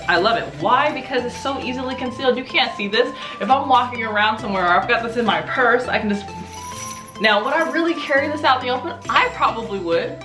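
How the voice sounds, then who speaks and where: A woman's voice: on the low side, reverberant. An American woman chatting casually as a martial arts vlogger, laughing often and full of fillers and restarts. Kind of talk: casual show-and-tell vlog.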